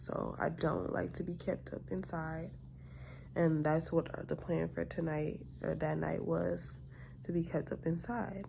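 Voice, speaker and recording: A young woman tells a story straight to camera, venting candidly and acting out both sides of an argument. Her lowish voice has a gravelly edge. A faint hiss sits under her voice. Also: unhurried. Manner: candid, venting, quotes others in lively asides. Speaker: vlogger. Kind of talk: casual storytime vlog.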